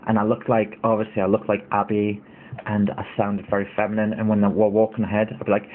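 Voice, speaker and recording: A man's voice: on the low side, completely flat delivery, fast talker. Indignant man ranting on a stream. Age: 30s. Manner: indignant, rambling with many fillers. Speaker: livestream host. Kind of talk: casual livestream commentary. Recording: tinny phone-like audio.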